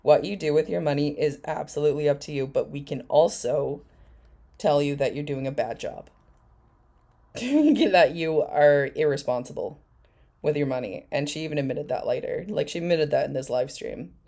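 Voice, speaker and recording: Woman, low voice, sarcastic, swears a lot, mocking reaction commentary. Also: expressive, moderate pace, gravelly, warm tone. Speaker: commentary YouTuber.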